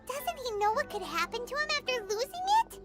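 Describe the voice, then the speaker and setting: Paimon, a squeaky fairy sidekick. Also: female voice, sing-song, fairly quick. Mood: excitable. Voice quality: high squeaky voice, speaks of herself in third person. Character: tiny chirpy floating fairy companion, excitable. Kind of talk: game cutscene dialogue. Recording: game audio with loud music.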